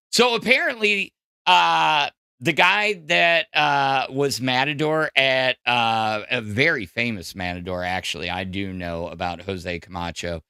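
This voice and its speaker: A man's voice: lowish voice, bright, forceful tone, clean tone, dry recording, studio quality. A man hosting a podcast, ranting casually with lots of profanity, fillers and restarts. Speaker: podcast host. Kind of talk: casual crude podcast rant.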